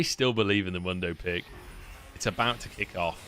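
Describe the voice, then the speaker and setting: A man with a British accent casting a live esports match on a casual co-stream, excitable and swearing freely. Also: low voice, normal speed, soft background music. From United Kingdom. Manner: excitable, swears freely, laughs between plays. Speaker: esports caster.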